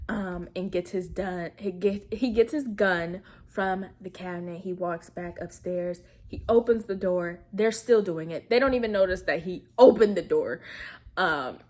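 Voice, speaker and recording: A woman casually recapping a film plot, animated and slangy, often laughing as she tells it. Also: mid-range voice. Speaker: film review vlogger.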